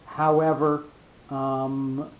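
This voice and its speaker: Halting male teacher, echoey room. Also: flat delivery. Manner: halting, many restarts and fillers, slows to spell out terms. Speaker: Torah teacher. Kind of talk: study-session explanation. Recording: dull echoey room with faint rumble.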